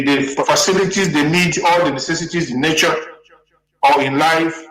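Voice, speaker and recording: A man with a high voice hosts a radio broadcast, thanking listeners and building rhetorical points through repetition. He uses fillers as he goes. His voice rings in an echoey room. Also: fairly bright tone. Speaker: radio host. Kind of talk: broadcast host commentary.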